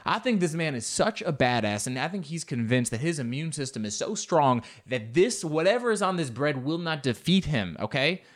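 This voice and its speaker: A man telling a comic story in an animated, rambling way, swearing freely and exaggerating for laughs. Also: fairly high pitch. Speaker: comedian.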